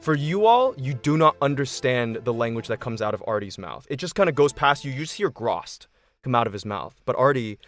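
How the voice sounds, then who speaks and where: A man running a tabletop game as game master, describing scenes at length at a mid pitch. He talks easily, often restarting his phrases, with faint music behind him. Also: sing-song, a little fast. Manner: descriptive, accommodating, with frequent restarts.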